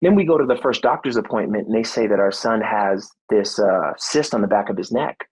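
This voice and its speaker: A man in his thirties, a former football player, telling a personal story in a podcast interview, earnest and animated, acting out what people said. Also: fairly low pitch, a little fast, slightly rough, rough recording. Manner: faith-centered, reflective. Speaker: guest, former football player and motivational speaker.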